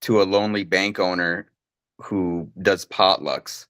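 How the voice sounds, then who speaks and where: A man's voice: low-pitched, steady tone, a little slow, fairly bright tone, smooth, dry recording. A young man co-hosting a casual podcast, laid-back and swearing easily. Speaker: podcast co-host. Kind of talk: casual chat.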